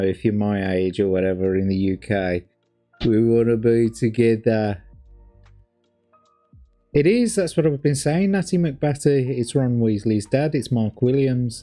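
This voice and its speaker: Rambling low-voiced Birmingham man. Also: mellow. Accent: light Birmingham. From Birmingham, England. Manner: rambling, sweary, full of fillers. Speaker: streamer reviewing old adverts. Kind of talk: casual commentary.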